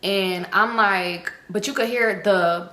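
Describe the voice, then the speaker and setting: Brief: young woman vlogger, bright tone, animated and slangy storytelling, echoey room. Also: takes it slowly. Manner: animated, acts out quotes with big pitch jumps; profane, slangy. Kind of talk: casual storytelling.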